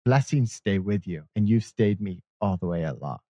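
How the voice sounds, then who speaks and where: A man's voice: fairly low pitch, expressive, normal speed, mellow, dry recording, voice pushed down. A man voicing an earnest, grateful young male waiter in his own story.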